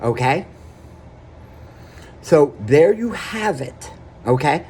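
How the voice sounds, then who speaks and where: A man with a somewhat high voice tells his own story to the camera in an earnest, plain-spoken confessional way. He talks slowly and keeps pausing to check in with "okay?" between his points. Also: sing-song, a little mellow, slight background noise. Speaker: vlogger.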